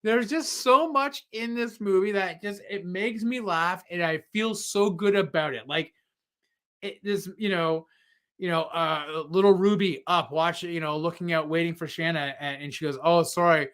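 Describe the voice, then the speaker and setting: High, bright-voiced animated man chatting. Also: moderate pace, smooth. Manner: animated, laughing while retelling scenes. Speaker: podcast co-host. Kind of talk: casual chat.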